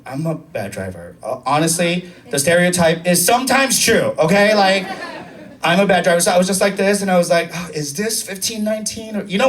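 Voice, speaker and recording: A man performing a stand-up comedy set in a club, telling a story and acting out the voices of the people in it. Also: fairly high pitch. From Korea. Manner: animated storytelling, acts out voices. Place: comedy club stage with live audience. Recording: live club recording from some distance, audience laughter.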